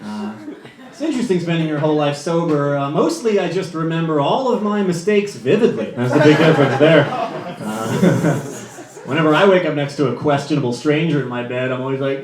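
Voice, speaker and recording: A man's voice: a little high, expressive, normal speed. Echoey stand-up man with the crowd laughing. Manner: loose, chatty and self-mocking, with many fillers. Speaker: stand-up comedian. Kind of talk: stand-up comedy set. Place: comedy club stage before a live audience.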